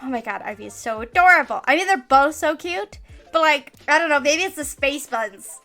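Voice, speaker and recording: A woman's voice: high-pitched, lively intonation, normal speed, pushed and bright, faint music behind. A woman streaming a game, reading its story aloud and chatting about it in a giggly, casual way. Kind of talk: reading a visual novel aloud with casual commentary.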